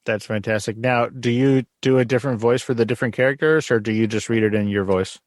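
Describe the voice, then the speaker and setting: A man's voice: medium pitch, fairly even intonation, fast talker, no echo, clean studio sound. A man hosting a podcast interview in casual chat, enthusiastic and swearing freely. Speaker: podcast host.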